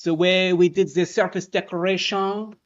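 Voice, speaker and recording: A woman's voice: on the low side, fairly even intonation, normal speed, natural voice. Woman putting on a pompous French artist. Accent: put-on French. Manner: grandiose, self-important, dry. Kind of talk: improvised comedic role-play. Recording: dull lo-fi stream audio, faint music.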